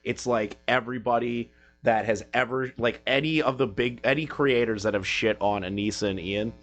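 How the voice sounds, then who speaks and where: A man reacting to a video as a commentary streamer, mocking and swearing as he rambles, with sudden loud high outbursts. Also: normal speed, highs cut off.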